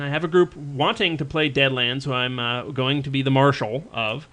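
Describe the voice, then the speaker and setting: A man's voice: medium pitch, steady tone, normal speed, sharp tone. A man co-hosting a casual podcast chat about tabletop games, rambling with lots of fillers and restarts. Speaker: podcast co-host.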